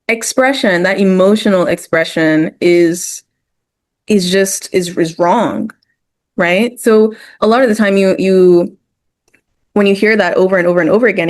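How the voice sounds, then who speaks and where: Woman, therapist guest, mid-range pitch; explanatory discussion, counts off points, brief acted quotes. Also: darkish tone. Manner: explains in numbered points, acts out small quoted voices. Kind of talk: educational discussion.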